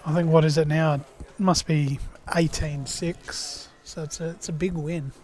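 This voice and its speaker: A man's voice: fairly high pitch, fairly even intonation, moderate pace, noisy background. A man co-commentating pool in a laid-back way with dry jokes. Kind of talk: casual live commentary.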